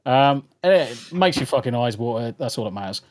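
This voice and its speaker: A man's voice: medium pitch, expressive, normal speed, heavy background noise. A British man hosting a podcast, chatting casually with sweary, jokey banter. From Britain. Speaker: podcast host. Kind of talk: casual chat.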